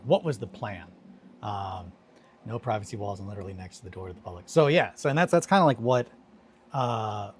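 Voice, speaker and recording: A young man streaming a casual chat, telling rambling stories with lots of swearing and sudden bursts of excitement. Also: medium pitch, a little hiss or hum.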